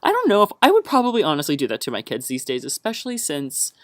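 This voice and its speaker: A man's voice: a little high, wildly swooping pitch, quick pace, no room sound, studio quality. A young man from the American South rambles on a solo podcast, chatty and hyper on a caffeine buzz. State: wired on caffeine. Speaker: podcast host.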